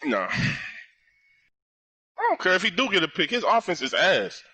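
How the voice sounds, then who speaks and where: A young man giving live commentary on his own gameplay, loud and full of profane trash talk. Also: high-pitched, very animated, moderate pace, slightly rough. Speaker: gamer.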